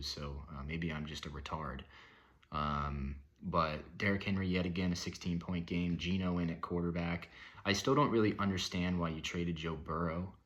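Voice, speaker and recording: A young man with a deep voice and a hard, forceful edge talks off the cuff. His commentary is rambling and profane, heavy with fillers as he rants about his league. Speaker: fantasy football league member reviewing the week. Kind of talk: casual unscripted commentary.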